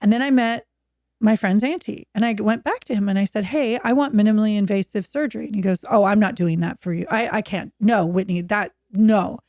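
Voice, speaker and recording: A woman's voice: medium pitch, fairly quick, no echo, studio quality. A woman in her fifties from Oregon, a podcast guest telling her own story candidly on a video call and acting out quoted voices. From Oregon, USA. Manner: animated, acts out quoted voices.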